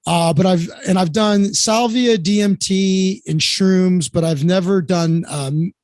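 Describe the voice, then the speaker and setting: A man's voice: high voice, slow, a little mellow, dry recording, studio quality. A man who is a comedian, chatting as a guest in a casual interview in an enthusiastic, laid-back way with plenty of fillers.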